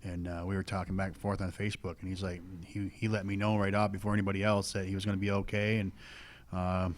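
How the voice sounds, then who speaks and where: Plainspoken low-voiced racing driver. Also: male voice, level tone, quick pace. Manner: plainspoken, rambling with many fillers. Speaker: local stock car driver. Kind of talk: casual radio talk.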